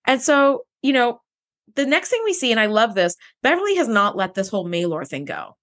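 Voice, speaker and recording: Woman, podcast co-host, casual recap chat, emphatic, swears, slightly high voice, very lively intonation. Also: fairly quick. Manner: animated, emphatic, swears freely.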